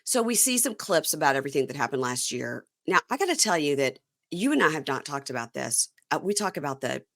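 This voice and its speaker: A woman's voice: low voice, fast, gravelly. A woman hosting a podcast, chatting casually and acting out what others said as she retells scenes. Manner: animated storyteller, acts out quotes. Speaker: podcast host. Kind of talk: casual chat.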